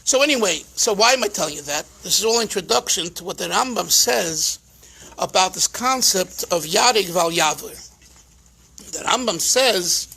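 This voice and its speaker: A man, a rabbi, giving a farbrengen teaching talk with animated storytelling and emphatic repetitions. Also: very high-pitched.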